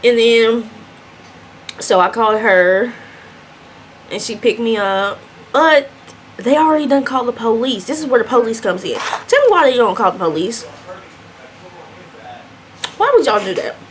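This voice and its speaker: A young adult woman vlogger chatting through a mukbang storytime, telling her story in an animated, chatty way between bites. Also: fairly high pitch, moderate pace, long pauses, a little hiss or hum.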